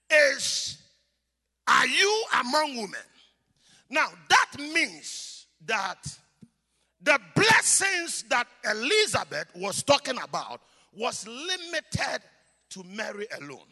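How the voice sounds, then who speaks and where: Pastor with a high, echoing voice. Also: male voice, sing-song, slow, long pauses, breathy edge, soft background music. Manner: alternates quiet teaching with shouted blessings; switches between English and Twi. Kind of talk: sermon. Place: church.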